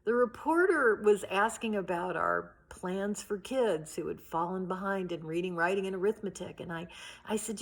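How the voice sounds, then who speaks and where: A woman's voice: medium pitch, normal speed. A middle-aged woman giving a heartfelt recorded address to teachers from her home, telling stories in an earnest way. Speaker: union leader addressing teachers.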